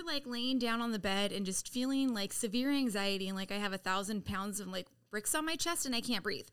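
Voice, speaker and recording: A middle-aged woman spills a chaotic life story with swearing in nearly every sentence. Her voice is bright and sits a little high. She talks bluntly and animatedly, like she is among friends on a podcast. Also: smooth. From San Diego, California. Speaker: podcast guest. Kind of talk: casual storytelling.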